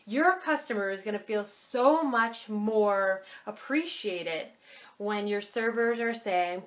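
A woman training restaurant staff, talking casually with some hesitations and acting out lively server lines. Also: mid-range voice, measured pace. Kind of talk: instructional talk with acted examples.

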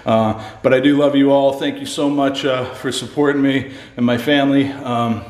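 A shaken man filming himself alone in an empty house, his voice of ordinary pitch. He stammers, rambles and repeats himself as he talks. The room around him is bare and echoes. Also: steady tone, moderate pace, a little mellow. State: shaken and scared. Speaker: paranormal vlogger. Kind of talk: frightened solo ghost-hunt vlog.

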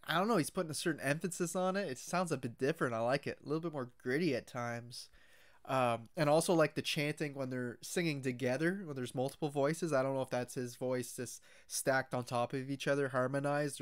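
A man with a smooth, clear voice gives casual reaction commentary on music. He sounds relaxed and easygoing, talks like a fan with plenty of filler words, and sits at a middle pitch for a man. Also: a little fast.

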